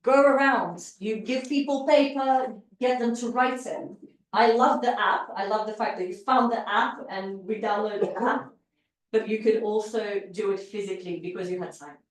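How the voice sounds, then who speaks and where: A woman's voice: mid-range voice, normal speed. A woman giving an encouraging live evaluation of a speech at a public speaking club, demonstrating vocal emphasis. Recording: echoey room, distant mic.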